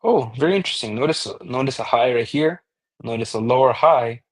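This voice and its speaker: A man's voice: medium pitch, fairly quick. A man giving a casual chart analysis as a crypto trading analyst, talking loosely with frequent restarts and the odd swear word.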